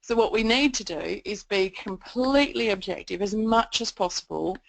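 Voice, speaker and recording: A woman's voice: mid-range voice, normal speed, creaky, low-quality recording. A woman giving a training presentation on communication support, explaining her points at length with frequent "um" fillers.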